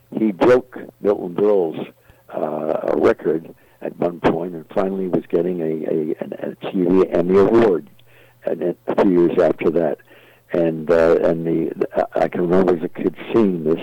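An older man, appearing as a guest entertainer, tells rambling stories in an interview, full of fillers and restarts. His low voice is gravelly and slightly rough, captured in a dull, dry, lo-fi recording with no echo.

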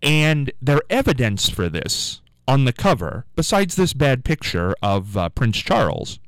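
A man hosting a radio show, telling a rambling story with animated asides in a casual on-air monologue. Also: mid-range voice, unhurried, no room sound, rough recording.

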